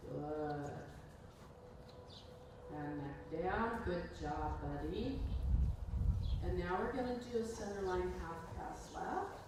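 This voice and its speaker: A woman's voice: fairly low pitch, slow, pauses often. A woman coaching a dressage riding lesson, calling out instructions and encouraging praise. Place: riding arena. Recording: echoey, distant, noisy. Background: horse hoofbeats.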